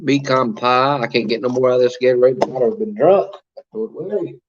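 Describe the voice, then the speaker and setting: A man's voice: mid-range voice, brisk. Chatty man, lo-fi audio. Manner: chatty, reads comments aloud, many fillers. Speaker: livestream host reading chat. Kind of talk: casual live-chat talk.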